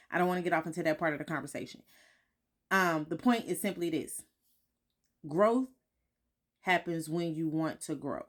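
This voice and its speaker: A woman vlogging at home in a candid, reflective way, often repeating herself and checking in with "right?". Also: lowish voice. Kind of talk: casual reflective talk to followers. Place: home, morning.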